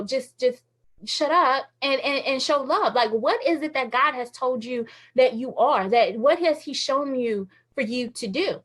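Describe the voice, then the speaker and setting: A woman giving a motivational faith talk to women viewers, animated and laughing often, acting out quoted thoughts in other voices. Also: sits high. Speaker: Christian women's ministry speaker.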